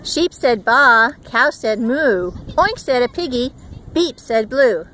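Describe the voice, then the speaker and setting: A woman reading a picture book aloud in turns, steady and gentle, outdoors at a beach. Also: sits high, unhurried. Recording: faint outdoor background noise.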